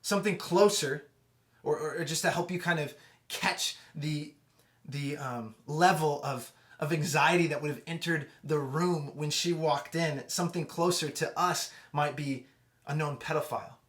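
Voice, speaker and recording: Young adult male youth pastor, casual storyteller, restarts a lot, goes hushed at tender parts. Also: medium pitch. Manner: conversational, many restarts, drops to hushed tones for emotional moments.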